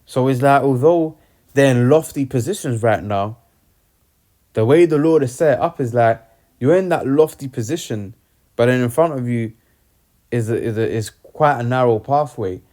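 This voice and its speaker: A man's voice: mid-range voice, normal speed, mellow. Young guy breaking down scripture, street slang, keeps saying man. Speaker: Bible teacher. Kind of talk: informal scripture teaching.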